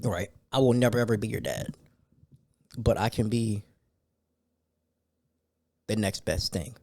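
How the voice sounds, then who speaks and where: A man hosts his own podcast, talking off the cuff with plenty of fillers and bursts of excited ranting. His voice sits low and mellow. It is recorded close and dry, with no room sound. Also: unhurried, no room sound. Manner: loose and conversational, with fillers and rising excited rants. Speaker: podcast host. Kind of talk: casual solo podcast talk.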